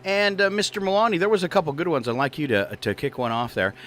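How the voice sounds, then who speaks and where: A man's voice: fairly high pitch, sing-song, fast talker, a bit bright. A man hosting a morning radio show from a studio mic, teasing his co-host with jokey asides and frequent chuckles.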